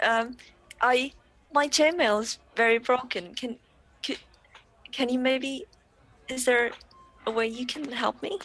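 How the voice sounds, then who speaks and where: Woman player in a tabletop game, speaking slowly at a slightly raised pitch. She stammers and hesitates, giggling between her questions. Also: fairly even intonation, fairly bright tone, no echo. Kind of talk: tabletop role-play.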